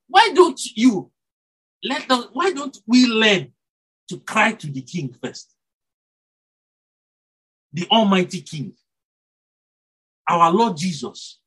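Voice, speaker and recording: A man preaches to his congregation, his voice swinging widely between high and low. His tone is slightly husky. He stops and restarts phrases as he builds his points. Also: low-quality recording. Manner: animated, rises and drops for emphasis, self-corrects, chuckles. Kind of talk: sermon.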